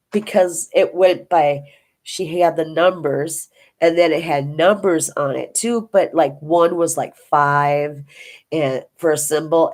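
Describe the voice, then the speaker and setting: Older woman, low pitch, casual vlog chat, meandering storyteller. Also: a little mellow. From Minnesota. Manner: rambling, homey storytelling with many restarts. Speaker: diamond painting vlogger.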